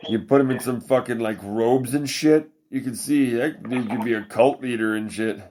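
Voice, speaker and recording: A man's voice: medium pitch, normal speed, darkish tone. A man co-hosting a podcast, trading crude, mocking banter in casual chat. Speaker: podcast co-host. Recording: noisy podcast audio.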